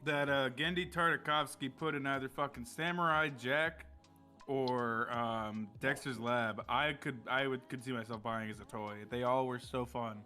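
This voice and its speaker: A man's voice: medium pitch, fairly even intonation, normal speed, bright, forceful tone, soft background music. A young man chatting casually on a stream, joking, laughing often and swearing. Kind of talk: casual chat.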